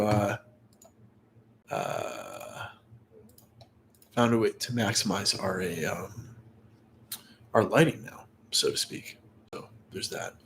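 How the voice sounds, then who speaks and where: A man's voice: medium pitch, slight background noise. A man hosting a casual livestream, congested and stuffy from a cold, chatting with viewers and greeting them by name between frequent fillers. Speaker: livestream host. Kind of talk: casual live-chat commentary.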